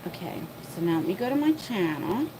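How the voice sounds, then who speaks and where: A woman hosting a casual livestream chat from her phone, flustered and chatty as she thinks out loud. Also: mid-range voice, big pitch swings, fairly quick, a little hiss or hum. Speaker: livestream host. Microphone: phone mic.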